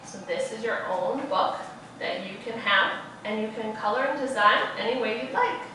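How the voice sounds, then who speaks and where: A woman teaching preschoolers in a virtual class, speaking in a slow, sing-song, encouraging way. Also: on the high side, bright, forceful tone, far from the mic, a little hiss or hum. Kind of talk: virtual class for young children. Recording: echoey room, voice off-mic.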